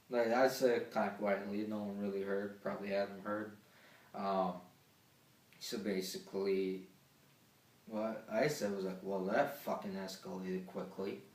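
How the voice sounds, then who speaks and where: A man's voice: fairly low pitch, little pitch movement, measured pace, pauses often, darkish tone, recorded from a distance. A teenage boy telling a rambling, swear-filled story from school as a casual vlog, with many fillers. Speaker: vlogger. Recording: echoey room, off-mic.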